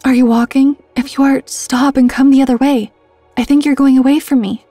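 A woman doing a gentle former soldier. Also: on the high side, fairly even intonation, brisk, breathy edge, no echo, faint music behind. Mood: coaxing. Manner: gentle, coaxing. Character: gentle grown man, former soldier, comforting.

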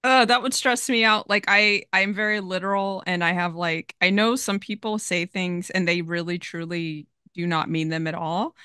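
A woman's voice: lowish voice, steady tone, normal speed, few pauses, bright, forceful tone, clean tone, dry recording, clean studio sound. A woman hosting a podcast, chatting frankly and casually with a guest. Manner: chatty, frank, laughs easily. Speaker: podcast host. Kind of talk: casual conversation.

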